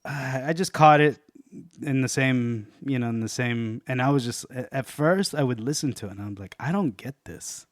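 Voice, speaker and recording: A man's voice: medium pitch, normal speed, no room sound, studio quality. A man hosting a podcast in casual chat, laid-back, swearing and laughing often. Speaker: podcast host.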